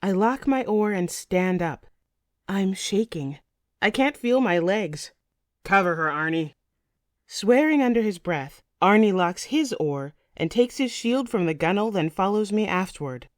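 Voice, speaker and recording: A woman's voice: mid-range voice, lively intonation, a little slow, a little mellow, no room sound, studio quality. A woman narrating a first-person fantasy audiobook with intense, vivid storytelling.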